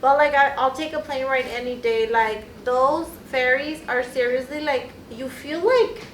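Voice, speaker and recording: A woman's voice: high voice, normal speed, roomy sound, slight background noise, low-quality recording. A young woman co-hosting a casual podcast chat, blunt and emphatic with slangy talk. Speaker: podcast co-host.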